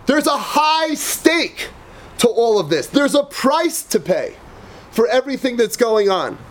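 High-voiced rabbi lecturing emphatically. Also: male voice, very animated, a little slow. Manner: emphatic, repeats phrases, tells personal anecdotes; mixes Hebrew and Yiddish terms into English. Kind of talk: lecture to yeshiva students.

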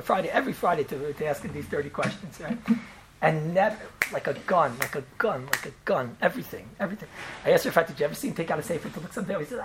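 A man with a gravelly, somewhat high voice talks fast in a casual chat, telling a story about a rabbi he remembers. He's animated, repeats himself, keeps restarting and tosses in "right?" often, and the recording is rough.

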